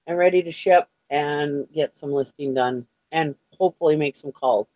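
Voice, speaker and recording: A woman's voice: low voice, moderate pace, dark tone, no echo, highs cut off. A woman from Minnesota with a Minnesotan accent, chatting in a self-mocking way with other resellers over a phone. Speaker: reseller guest. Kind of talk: casual group chat.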